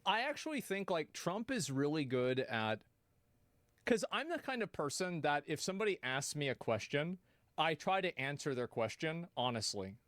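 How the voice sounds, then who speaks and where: A man streaming, reacting to a video in an excitable way, swearing and exclaiming. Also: a little high, normal speed, no echo, clean studio sound. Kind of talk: casual reaction commentary.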